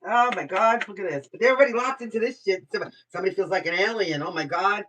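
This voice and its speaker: A woman's voice: mid-range voice, very fast, noisy background. An older woman from Brooklyn, giving a casual live tarot reading, blunt and chatty and swearing freely. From Brooklyn, New York. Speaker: tarot reader. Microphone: computer mic. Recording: voice somewhat far from the mic.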